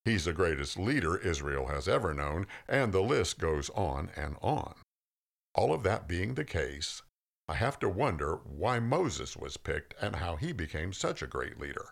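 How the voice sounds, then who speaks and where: A man with a low, gravelly voice reads a humorous story in a wry, playful narration. His pitch swings widely as he tells it. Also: fairly bright tone. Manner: wry, playful, tongue-in-cheek.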